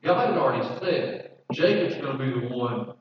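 A man's voice: medium pitch, expressive, normal speed, noisy background. A man preaching a sermon as pastor, reading scripture aloud and explaining it in a conversational way, often repeating words as he goes. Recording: distant mic with roomy echo, dull sound.

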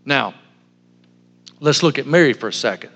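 A man's voice: on the high side, expressive, normal speed, fairly bright tone. A man pastor giving a sermon, telling stories in a humorous, self-deprecating way. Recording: long hall reverb.

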